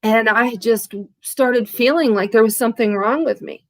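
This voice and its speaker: A woman vlogger speaking candidly and haltingly about her own recovery, with frequent restarts. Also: a little high, dry recording. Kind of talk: candid, emotional to-camera talk.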